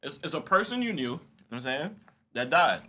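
A man co-hosting a podcast, tossing in quick interjections and animated banter. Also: on the high side. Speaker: podcast co-host. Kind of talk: casual chat. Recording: noisy room.

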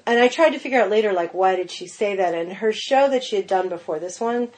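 A woman chatting as a podcast guest in a mid-pitched voice. She tells animated stories in a loose, casual way, packed with "like" and "you know" fillers and quick acted-out quotes. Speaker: guest, pastry chef.

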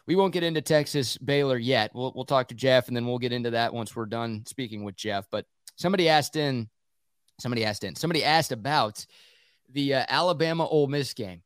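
Conversational sports radio host, dry studio sound. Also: male voice, mid-range voice, clear, resonant tone, no room sound. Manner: quick, conversational, laughs easily, filler "like". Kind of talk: casual sports talk and analysis.

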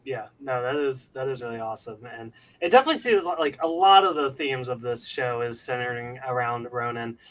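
A man hosting a casual podcast conversation at an ordinary middle pitch. He thinks aloud, hedges his points and tosses quick questions back to the others. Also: expressive, fairly bright tone, rough recording. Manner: hedging, thinks aloud with "um" and "right?".

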